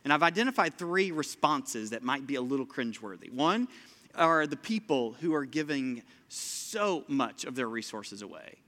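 A man preaching a sermon from a church stage in a lively, conversational way, talking straight to the congregation. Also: mid-range voice, normal speed. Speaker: pastor. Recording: long hall reverb.

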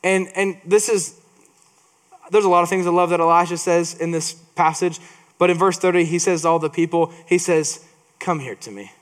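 A man's voice: sits high, level tone, brisk. A man preaching a sermon, reading scripture and adding playful asides with frequent restarts.

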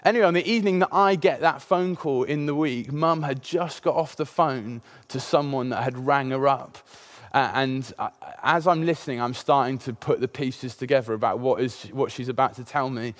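A man's voice: medium pitch, normal speed. Conversational man telling a story. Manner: conversational, many "uh" fillers. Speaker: preacher. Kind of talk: sermon with personal story.

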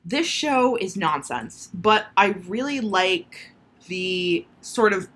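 A woman's voice: mid-range voice, expressive, slow pace, fairly bright tone, breathy edge. A woman co-hosting a podcast in casual chat, rambling, swearing and laughing often. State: hard of hearing. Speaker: podcast co-host.

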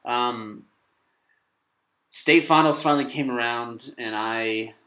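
A man's voice: medium pitch, slow pace, bright, forceful tone, roomy sound, poor audio. A young man, a comedian guest, telling a story casually, swearing often and restarting his sentences. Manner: swears a lot, many restarts.

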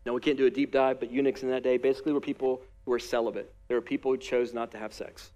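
A male pastor preaching a sermon to his church, lively and animated, often acting out the voices of the people he quotes. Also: mid-range voice, quick pace, few pauses. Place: church room with live audience.

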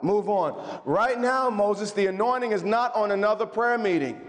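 Male pastor, sermon, high voice, energetic and chatty, long hall reverb. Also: a little slow. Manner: energetic and conversational, with colloquial asides.

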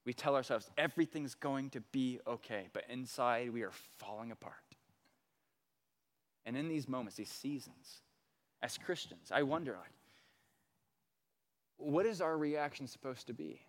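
A male pastor preaching a sermon, telling a personal story with animated delivery and sudden swings between loud and quiet. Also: medium pitch, normal speed, long pauses. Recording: long hall reverb.

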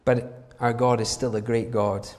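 Male pastor, mid-pitched, emphatic sermon delivery, long hall reverb behind him. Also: flat delivery, measured pace, darkish tone. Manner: emphatic, rhetorical questions to the congregation. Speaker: preacher.

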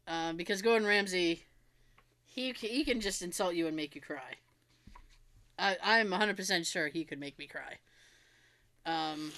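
A woman's voice: medium pitch, bright, forceful tone, clean tone. A woman hosting a show, chatting casually and reading out insults, giggling often between lines. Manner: cheerful and chatty, with frequent restarts and swearing. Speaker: show host.

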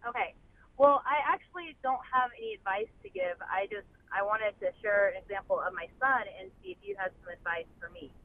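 A woman's voice: mid-range voice, very animated, a little fast. Hesitant mother calling in by phone. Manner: rambling, hesitant, many fillers. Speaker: caller, mother. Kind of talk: phone-in conversation. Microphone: telephone. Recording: phone line with faint noise.

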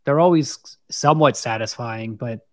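A man's voice: mid-range voice, moderate pace. Wry man making joking asides. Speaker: podcast co-host. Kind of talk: casual chat about a film.

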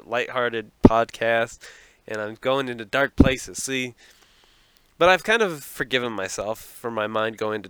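A man's voice: medium pitch, fairly bright tone, clear, resonant tone, no echo. A man hosting a casual solo podcast at home, a little nervous, rambling and self-deprecating with lots of swearing and laughs. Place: apartment at home. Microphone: podcast microphone.

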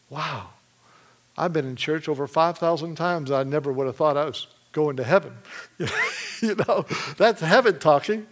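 Animated man preaching a testimony. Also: fairly high pitch. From Michigan, USA. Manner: animated storytelling, laughs often. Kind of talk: sermon testimony.

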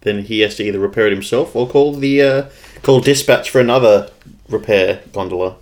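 A man's voice: fairly low pitch, a little fast, darkish tone. A man with an Australian accent co-hosting a podcast in casual, rambling, jokey banter. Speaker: podcast co-host.

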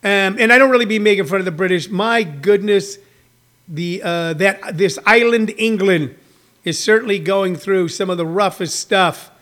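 A man's voice: high voice, a bit bright. A man, a stand-up comedian, chatting casually on a livestream, riffing and rambling with frequent fillers.

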